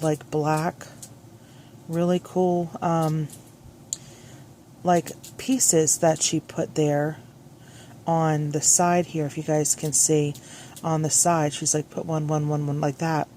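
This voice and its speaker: Crafting vlogger, woman, low pitch, rambling and self-correcting, phone mic with faint hiss. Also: mellow. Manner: chatty, scattered, self-correcting. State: a little out of breath at the start. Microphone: phone clipped on, hands-free.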